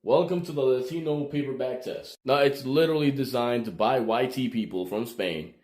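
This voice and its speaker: A man's voice: medium pitch, moderate pace, a little mellow. Man from El Salvador, heated commentary, emphatic, repeats himself, echoey room. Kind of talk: social commentary monologue.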